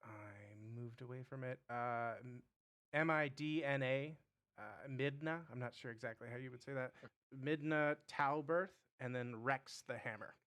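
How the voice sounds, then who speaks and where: A man acting as game master of a live-streamed tabletop game, halting as he thinks aloud while he describes things. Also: mid-range voice, fairly bright tone.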